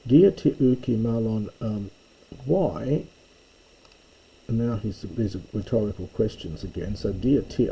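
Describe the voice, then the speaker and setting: A man teaching a slow reading lesson, explaining each word in turn with frequent pauses and fillers. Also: lowish voice, dark tone, slight background noise, rough recording. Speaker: Greek teacher.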